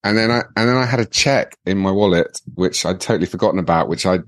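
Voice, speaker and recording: Deep-voiced English man telling stories. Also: quick pace, no echo, studio quality. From England. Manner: rambling, many fillers and restarts, laughs often. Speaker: podcast guest. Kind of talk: casual storytelling.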